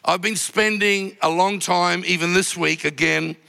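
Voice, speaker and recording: A man's voice: high-pitched, fairly even intonation, a little slow, gravelly, sharp tone, smooth. A man preaching a sermon as pastor, telling personal stories with emotional, impassioned delivery. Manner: emotional storytelling, rising to impassioned cries. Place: large church auditorium. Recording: long reverb of a large church hall.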